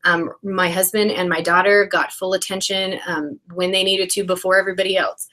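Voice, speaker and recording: A woman's voice: lowish voice, flat delivery, fairly quick, pushed and bright. A woman in her thirties co-hosting an educational talk show, speaking emphatically and laughing often. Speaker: co-host, educator. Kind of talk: conversational educational podcast.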